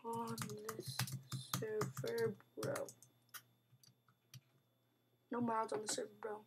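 A high-pitched young woman talks through her computer game in a slow, drawn-out way, chatty and prone to sudden excited outbursts. Faint keyboard clicks and light background noise sit behind her voice. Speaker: gamer narrating gameplay. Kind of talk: casual let's-play commentary.

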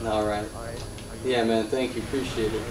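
A man's voice: on the low side, little pitch movement, normal speed. A man in casual gaming chat, trolling online and telling crude joking stories. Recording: distant roomy mic with loud game noise.

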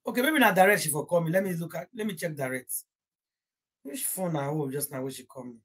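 Husky-voiced young Nigerian woman, gossip livestream host, rambling and heartfelt. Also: low-pitched, quick pace. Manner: rambling, emotional, mixing Pidgin into English. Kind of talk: casual live-stream chat.

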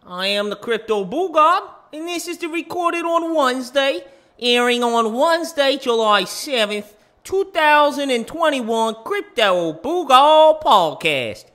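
A man's voice: expressive, full character voice. A man doing a hammy mock-Australian host. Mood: hammy welcome. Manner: exaggerated, high, loud, drawn-out delivery. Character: over-the-top mock-Australian male podcast host. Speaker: podcast host.

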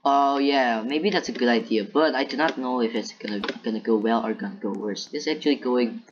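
A woman's voice: a bass voice, a little fast. A woman giving live gameplay commentary, jumpy and panicky, talking to herself and to her opponent. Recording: dull lo-fi mic with faint noise.

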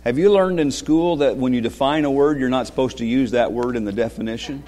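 A man giving a children's sermon as pastor, speaking gently, asking the kids questions and chuckling often. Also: medium pitch, a little fast. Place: church sanctuary. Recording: long reverb of a church sanctuary.

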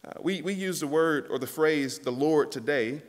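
A man's voice: fairly high pitch, moderate pace. Preaching man in a reverberant church. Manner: earnest preaching, addresses listeners as church. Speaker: pastor. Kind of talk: sermon. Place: church sanctuary.

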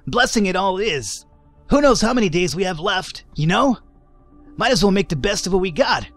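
A man's voice: high voice, animated, moderate pace, a bit bright, faint music behind, pitched above the performer's own voice. A man voicing a laid-back young male surfer survivor in a video game, with an easygoing surfer drawl. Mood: mellow.

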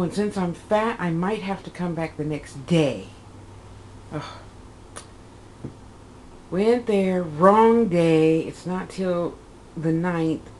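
A woman in her fifties with a lowish voice chats through a long personal story, wandering off track and correcting herself. She plays her own side of conversations with lively bursts. A faint hiss sits under the recording. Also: low-quality recording. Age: 50s. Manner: rambling, chatty, self-correcting, acts out her own quotes. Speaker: vlogger. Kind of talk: casual personal vlog storytelling.

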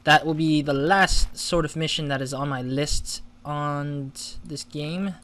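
Bright-voiced man doing game commentary. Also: fairly high pitch, steady tone, a little slow. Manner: chatty, flustered exclamations when losing. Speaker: gaming channel host. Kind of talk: casual let's-play commentary.

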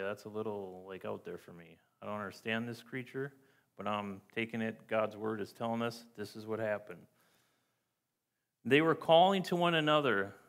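A man's voice: mid-range voice, a bit bright. A man preaching as a pastor, reading scripture aloud and stressing key words again and again in an earnest, emphatic way. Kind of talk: sermon. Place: church.

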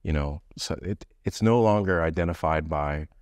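A man's voice: normal speed, darkish tone, no room sound, studio quality. A middle-aged man from the United States telling a personal story in a conversational way, raising his voice to act out what others said. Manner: conversational, acts out quoted voices with raised pitch.

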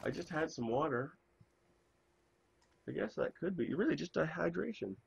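A man streaming a game, chatting in a rambling, self-interrupting way while hoarse from a cold. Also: on the high side, lively intonation, moderate pace, dull audio. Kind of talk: casual chat while gaming.

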